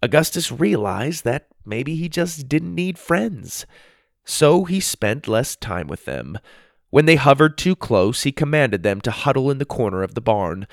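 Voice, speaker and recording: A man narrating a children's storybook in an expressive, playful reading. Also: medium pitch, a little slow, no echo, studio quality.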